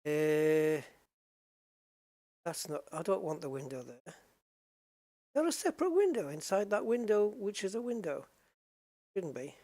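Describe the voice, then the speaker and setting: A man's voice: fairly high pitch, sing-song, unhurried, pauses often. A man giving live commentary while driving a racing sim, exclaiming often as he wrestles a heavy wheel. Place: home sim rig. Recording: loud racing game engine noise behind.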